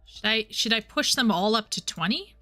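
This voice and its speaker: A woman's voice: a little high, animated, normal speed, sharp tone, no echo, soft background music. A woman chatting casually as she streams a game. She repeats and restarts her words and sometimes reads the game's dialogue aloud. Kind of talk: casual gameplay commentary.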